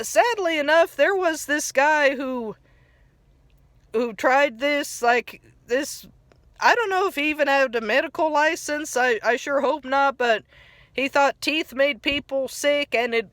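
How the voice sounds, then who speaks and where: A woman's voice: high voice, fairly bright tone, no room sound. A woman casually reviewing a cartoon episode on a phone mic, rambling with restarts and chuckling at her own asides.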